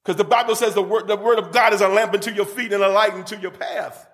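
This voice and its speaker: A man preaches with a very high, bright, ringing voice, rising into fervent shouted bursts and drawing amens from his congregation. His sermon carries a long reverb that trails through a church hall. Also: fairly even intonation, fast.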